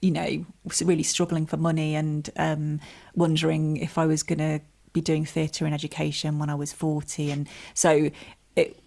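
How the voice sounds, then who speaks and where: A woman's voice: low-pitched, monotone, moderate pace, gravelly, darkish tone. A woman, a comedian and writer chatting as a podcast guest, telling stories in a self-deprecating way with laughs. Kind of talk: relaxed interview chat.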